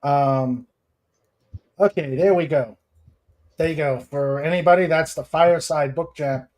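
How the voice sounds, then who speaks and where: A man hosting a casual livestream, reading viewer comments aloud and stumbling through fillers. He talks slowly in a fairly high voice. His delivery is hesitant throughout. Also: a little mellow. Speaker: host.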